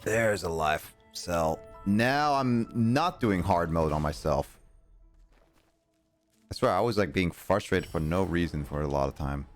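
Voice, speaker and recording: A man's voice: sits low, lively intonation, unhurried, soft background music. A man chatting casually with his viewers while playing a game on a livestream, rambling and reacting as he goes. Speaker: streamer. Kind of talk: casual gameplay livestream chat.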